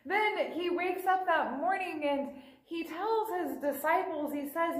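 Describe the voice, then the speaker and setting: A woman's voice: high voice, lively intonation, measured pace, echoey room, poor audio. A woman preacher giving a sermon, retelling a scripture story in a conversational way and briefly acting out the quoted lines. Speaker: pastor.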